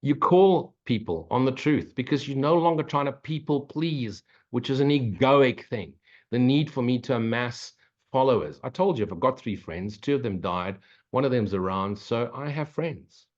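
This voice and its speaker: A man's voice: mid-range voice, expressive, moderate pace, darkish tone. A man giving a casual spiritual Q&A talk, blunt, swearing often and joking between his points. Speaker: spiritual teacher. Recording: muffled, lo-fi recording.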